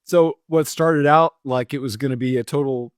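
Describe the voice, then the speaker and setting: A man's voice: mid-range voice, moderate pace. A male podcast host with a mid-range voice answers his guest's stories with eager agreement. Then he steers the talk toward the next theme. The sound is close and dry, with no room echo. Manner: enthusiastic, affirming reactions. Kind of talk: podcast interview.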